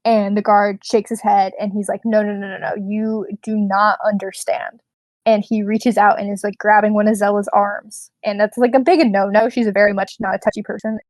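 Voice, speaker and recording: A woman's voice: mid-range voice, fairly quick, few pauses, dry recording. Lady running a tabletop game, chill and rambly, lots of uhs, dry audio. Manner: relaxed, rambling, many fillers. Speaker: game master.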